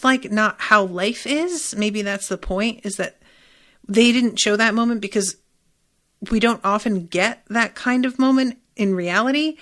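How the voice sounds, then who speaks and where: A woman hosting a podcast gives a candid, emphatic, casual recap of a TV episode, using lots of fillers and some swearing. Her voice is a little high with a sharp tone.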